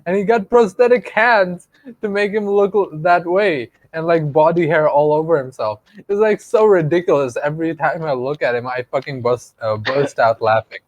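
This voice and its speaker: Man, podcast co-host, rambling, crude, laughing, slightly high voice, dry sound. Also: normal speed, no echo, dull audio. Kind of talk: casual banter.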